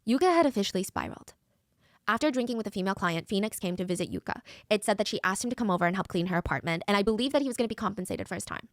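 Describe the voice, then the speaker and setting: Fast-talking woman telling a true crime story. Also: medium pitch, expressive, no room sound, clean studio sound. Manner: fast, dramatic, conversational retelling.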